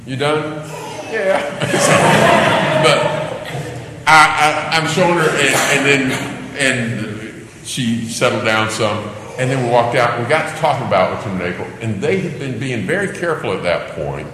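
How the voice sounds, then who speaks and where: A man's voice: medium pitch, normal speed. Older male preacher in an echoey hall. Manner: animated storytelling, acting out children's cries. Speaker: pastor. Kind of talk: sermon. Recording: echoey hall, faint background noise.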